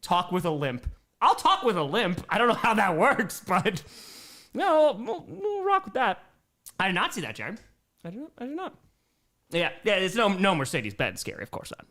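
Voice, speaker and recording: A man's voice: big pitch swings, fairly quick, bright, forceful tone. A man in his thirties, a streamer reading chat questions aloud and chatting loosely in a casual live Q&A. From Wisconsin, USA. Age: 30s. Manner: chatty, reads chat aloud and riffs, talks to his cats in a high baby voice.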